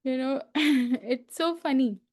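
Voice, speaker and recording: A woman's voice: high voice, slow, a little mellow. A woman doing a giggling, mocking moon god. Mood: mocking laughter. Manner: giggling, can't stop laughing. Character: laughing male moon god, mocking and vain.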